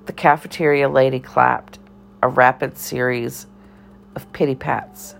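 A woman narrating a children's novel in a measured, even storytelling voice. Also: extremely low pitch, creaky, a little hiss or hum. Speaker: audiobook narrator.

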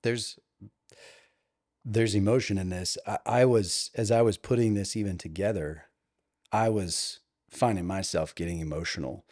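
Deep-voiced guy in his 30s, earnest reflective podcast talk, dry close sound. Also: darkish tone, no room sound. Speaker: podcast co-host. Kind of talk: faith podcast chat.

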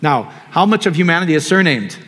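A man preaching a sermon in a relaxed, conversational way, often asking the audience questions. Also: fairly high pitch, fast. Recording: long hall reverb.

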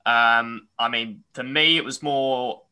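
A man hosting a casual sports podcast, halting and restarting his sentences often. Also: medium pitch, fairly even intonation, pushed and bright, clear, resonant tone. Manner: halting, restarts with repeated "I mean". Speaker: podcast host.

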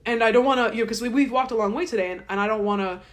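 A woman's voice: on the high side, very fast, close to an everyday voice. A woman voicing a sly young man who rambles through polite excuses to stall. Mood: placating.

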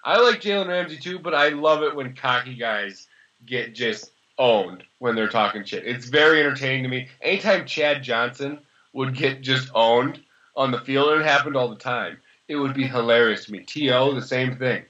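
Bright-voiced young man, sarcastic sports chat. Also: medium pitch. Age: early 20s. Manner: rambling, sarcastic, quick to laugh. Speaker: podcast co-host. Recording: slightly dull lo-fi sound.

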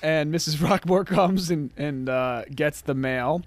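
A man co-hosting a podcast casually recaps a sitcom episode, joking, laughing often and slipping into quick character voices. His voice is on the high side, and the recording is dry.

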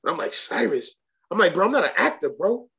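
A man's voice: high voice, big pitch swings, brisk, gravelly, bright, forceful tone. A young man, telling a rambling, profane story as a guest in a casual interview, full of restarts and slang. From Brooklyn, New York. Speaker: guest rapper.

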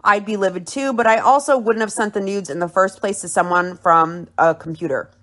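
A woman's voice: medium pitch, brisk, a bit bright. A woman hosting a podcast, recapping and commenting on a reality show in a blunt, opinionated way and swearing freely. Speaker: podcast host.

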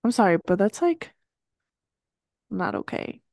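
A woman's voice: mid-range voice, big pitch swings, a little slow, vocal fry, a little mellow, no room sound, studio quality. A woman co-hosting a podcast in casual chat, talking with lots of "like" and laughing often. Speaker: podcast co-host.

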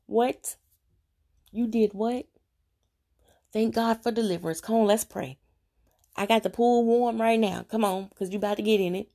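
A woman's voice: medium pitch, fairly even intonation, brisk, mellow. A woman speaking earnestly and preachily, straight to her viewers in a confessional devotional talk about her faith. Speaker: Christian vlogger sharing her faith journey.

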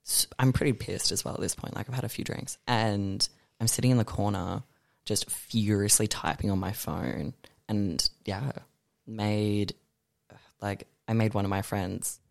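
A young man, chatting animatedly as a podcast guest, swearing freely and reading poems with slow force. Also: fairly low pitch, vocal fry, dry recording, studio quality. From Australia. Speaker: guest artist and poet. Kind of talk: casual podcast chat.

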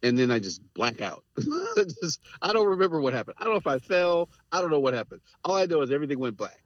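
A man's voice: fairly high pitch, huge pitch swings, fast, no echo. A middle-aged man telling candid personal stories as a podcast guest, earnest and reflective, laughing between points. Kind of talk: candid conversational storytelling. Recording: dry, dull lo-fi audio.

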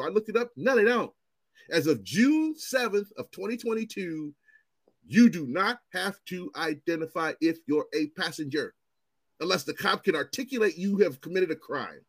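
A man's voice: on the high side, moderate pace, no echo. Guy in his 40s ranting about cops, voice jumps all over, swears a lot, dry close sound. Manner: animated, profane, acts out quotes in raised voices. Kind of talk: casual chat, storytelling.

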